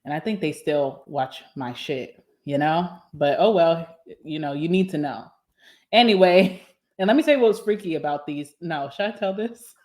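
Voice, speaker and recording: A young woman vlogger talking casually and candidly to camera while eating, sassy and quick to laugh. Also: deep voice, darkish tone. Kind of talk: casual mukbang chat to camera.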